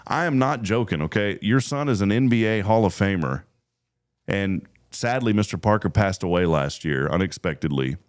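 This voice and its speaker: A man hosting a morning radio show, telling stories in quick, animated bursts and laughing often. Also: fairly low pitch. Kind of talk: casual radio chat.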